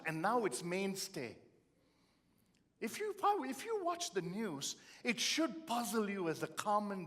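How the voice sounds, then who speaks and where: Brief: middle-aged male motivational speaker from India, comic and punchy. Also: high-pitched. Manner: punchy storytelling, swings from loud to quiet. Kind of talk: humorous motivational speech.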